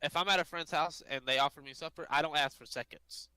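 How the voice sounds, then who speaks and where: A man from the American South rambles and jokes through casual podcast talk, leaning on many fillers. His voice sits a bit high and sounds bright. The mic is close and dry. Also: fast talker, clear, resonant tone, dry recording, poor audio. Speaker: podcast co-host.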